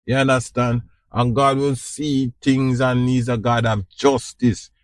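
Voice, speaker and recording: A man's voice: medium pitch, level tone, measured pace, no echo. A man with a Jamaican accent hosting a podcast, giving an informal spiritual talk in a preachy, repetitive way and often asking if you understand. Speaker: podcast host.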